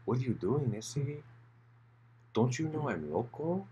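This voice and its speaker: A man's voice: mid-range voice, sing-song, a little slow, dark tone, dull audio, slight background noise. Man doing a Spanish-accented street tough. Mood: swaggering. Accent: Spanish-accented English. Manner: laid-back swagger, drawled slang. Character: swaggering male street tough.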